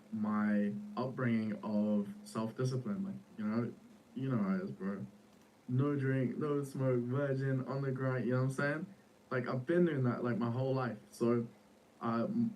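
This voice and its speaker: A man's voice: lowish voice, a little mellow, distant mic, slight background noise, poor audio. A young man, founder of an AI startup, talking casually and slangily in an interview, full of "bro" and "like".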